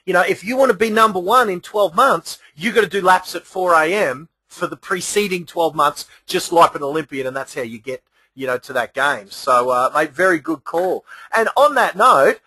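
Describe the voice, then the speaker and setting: A man's voice: high-pitched, animated, moderate pace, pushed and bright, breathy edge, no room sound. An Australian man hosting a web training webinar, talking in an enthusiastic, promotional way. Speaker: host, sales trainer.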